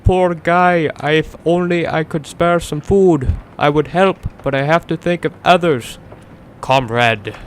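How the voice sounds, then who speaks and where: A man's voice: fairly high pitch, a little slow, a little hiss or hum, pitched above the performer's own voice, close to an everyday voice. A war-weary Eastern European survivor, a grown man speaking in a stiff, clumsy Russian accent, as an American man puts him on. The lines come out earnest and rather wooden. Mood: loud, pleading. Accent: clumsy put-on Russian.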